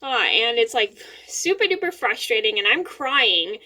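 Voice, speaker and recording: A young woman tells her story in a rambling, casual way, doubling back on words and breaking off to apologize. Her voice is bright and a little high, and she sounds slightly teary-eyed. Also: sing-song, moderate pace. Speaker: vlogger.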